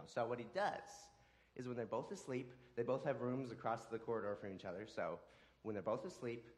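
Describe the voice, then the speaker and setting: A man giving a sermon, talking in a halting way with frequent repeated words and restarts. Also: mid-range voice. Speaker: preacher.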